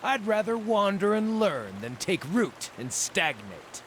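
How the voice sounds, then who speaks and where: A gleeful little meat-eating druid. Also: male voice, high voice, unhurried, slight background noise. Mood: eager. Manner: jovial and relishing, lively sing-song delivery. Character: cheerful small male Orlan druid, gleefully eating raw meat. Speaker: game character. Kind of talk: video game dialogue. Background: game music.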